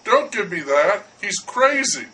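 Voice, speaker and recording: A man voicing an irate French baker who shouts and blusters at a neighbor. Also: high-pitched, sing-song, a little slow, distant mic, exaggerated voice, low-quality recording. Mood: indignant. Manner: loud, indignant, blustering.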